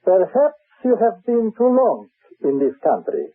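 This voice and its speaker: A cold, stern spymaster. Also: male voice, high voice, huge pitch swings, a little slow, full character voice. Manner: clipped, coldly menacing. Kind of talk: 1970s radio drama acting. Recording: narrow, phone-like old radio broadcast.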